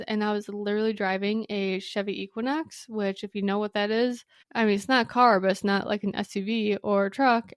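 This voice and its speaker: A woman's voice: mid-range voice, no room sound. Young woman podcaster rambling thru a story, lots of "like", dry close mic, mid voice. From Wisconsin. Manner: chatty, lots of "like", quick asides and apologies. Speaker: podcast host.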